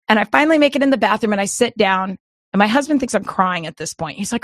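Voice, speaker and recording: A woman co-hosting a podcast, telling a long story in a rambling, animated way and breaking into laughter often. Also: medium pitch, quick pace, dry recording, studio quality. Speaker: podcast co-host. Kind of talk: casual storytelling chat.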